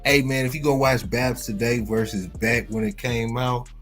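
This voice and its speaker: A man's voice: mid-range voice, steady tone, normal speed, fairly bright tone, soft background music. A man co-hosting a casual livestream chat, laid back and mostly agreeing with short replies. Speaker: co-host.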